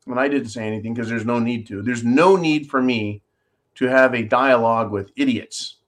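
A man's voice: medium pitch, normal speed. Sarcastic rambling male commentary host. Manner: sarcastic, rambling, swears freely. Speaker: host of a call-in style commentary show. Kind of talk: casual ranting commentary. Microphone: holds objects up to a camera while talking.

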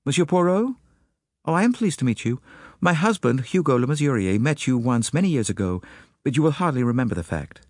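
A man's voice: mid-range voice, expressive, no echo, clean studio sound, voice pushed up, lightly acted. A man voicing a determined American wife. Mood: worried. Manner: earnest, brisk, worried. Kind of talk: audiobook character voicing.

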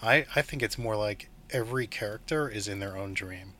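Man, podcast co-host, excited, laughs a lot, fairly low voice. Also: slight background noise. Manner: enthusiastic, laughs often, acts out scenes in quick voices. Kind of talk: casual film discussion.

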